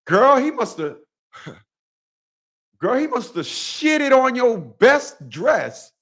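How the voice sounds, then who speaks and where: A man doing a high sassy gossiping woman. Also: big pitch swings, a bit bright, full character voice. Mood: scandalized. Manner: high, drawn-out, exaggerated sass.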